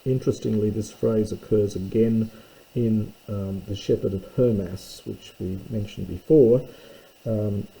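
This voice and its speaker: A man explains a text line by line in an unhurried lesson. His voice is dark and gravelly, and he moves along slowly, stopping often with thoughtful fillers. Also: lowish voice, steady tone, rough recording. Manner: thoughtful, pauses with fillers while translating. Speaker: Greek teacher. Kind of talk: slow translation lesson.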